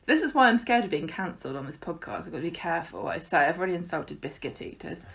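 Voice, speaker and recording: Woman cohost, lowish voice, sarcastic soap recap chat. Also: expressive, quick pace, vocal fry, fairly bright tone. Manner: sarcastic, chatty recapping with laughs. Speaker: podcast co-host. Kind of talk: casual chat.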